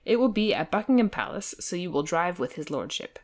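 A woman's voice: lowish voice, sing-song, a little mellow. A woman reading the part of a superior, composed male butler in a storybook reading. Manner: polite, condescending, measured.

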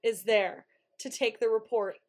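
This co-host talks in an unhurried, slightly high voice while recapping a TV episode on her podcast. It's a casual, animated retelling, with her playing out the characters' lines.

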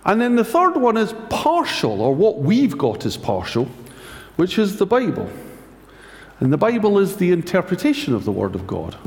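A man's voice: sits high, huge pitch swings, moderate pace. A man preaching a conversational sermon, wry and anecdotal with self-mocking humour. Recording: echoey hall reverb.

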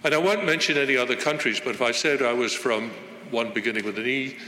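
A man's voice: medium pitch, quick pace, bright, forceful tone. An older man from Northern Ireland with a neutral international accent, giving an informal, reflective launch speech with many fillers and restarts. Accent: neutral international, little Irish left. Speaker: guest speaker launching a book. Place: large echoey museum hall. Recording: echoey hall reverb, faint noise.

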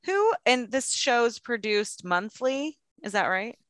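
A woman's voice: a little high, very animated, slow, fairly bright tone, dry recording, studio quality. A young woman co-hosting a podcast in casual chat, upbeat and encouraging, often giggling. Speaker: podcast co-host.

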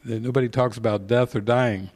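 A man's voice: medium pitch, steady tone, normal speed, darkish tone. A man speaking as a spiritual teacher at a retreat, telling stories, asking pointed questions and chuckling at his own points. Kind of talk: retreat talk.

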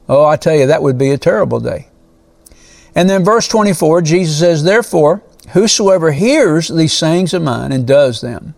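A man's voice: a little high, gravelly. A man preaching a sermon, quoting scripture and stressing key phrases with repeated amens.

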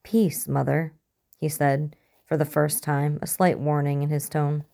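Woman narrator, low voice, mellow tone, measured audiobook reading. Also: monotone.

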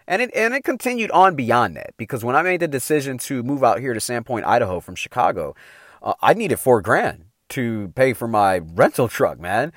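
Middle-aged man, motivational speaker, lively up-and-down delivery, slangy and blunt; dry close sound. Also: mid-range voice, fairly quick, no echo. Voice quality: emphatic, slangy, swears freely. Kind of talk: motivational talk.

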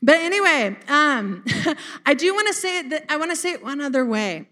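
A woman's voice: high voice, very animated, moderate pace, pushed and bright. A woman preaching a casual sermon to a congregation, chatty and direct, often asking if they caught that. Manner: chatty, laughing, talks straight to the congregation. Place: church service.

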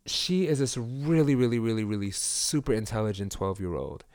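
A man's voice: fairly low pitch, animated, moderate pace, darkish tone, no echo. Chatty guy rambling on a podcast, lots of likes and ums, dry close mic. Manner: chatty, meandering, lots of fillers. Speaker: podcast co-host. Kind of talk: casual chat.

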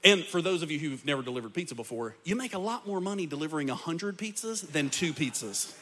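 A man's voice: fairly high pitch, animated, fast talker, sharp tone. A man preaching a sermon as a pastor, telling a personal story and building to passionate peaks. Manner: preaching with rising intensity.

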